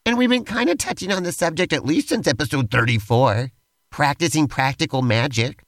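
A man's voice: a little high, lively intonation, a little fast, no room sound. A man co-hosting a podcast, narrating a playful role-play and bantering with enthusiasm. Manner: enthusiastic, talky, uses "like" a lot. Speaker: podcast co-host.

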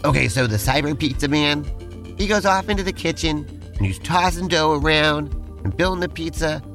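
A man's voice: on the high side, normal speed, a bit bright, soft background music. Enthusiastic man co-hosting a podcast. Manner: enthusiastic, talky, uses "like" a lot. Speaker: podcast co-host. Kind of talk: playful role-play banter.

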